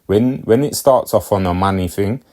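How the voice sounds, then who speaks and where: A man talking in a very low, deep voice. His casual monologue rambles and loops back on itself. He keeps asking whether the listener gets what he means. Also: moderate pace, warm tone. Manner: rambling, repeats himself, keeps checking "you get me". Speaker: commentator.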